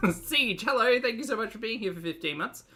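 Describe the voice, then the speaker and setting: Young man with a bright voice and a lively, swooping pitch, talking fast and casually as he reacts and jokes. He is sarcastic and laughs often. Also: husky. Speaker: commentary channel host.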